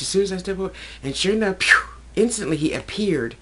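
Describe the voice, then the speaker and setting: A woman casually recounting a dream in a chatty, digressive way, slipping into a higher voice to quote people. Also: expressive, quick pace, pushed and bright, slight background noise. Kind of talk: casual rambling storytelling.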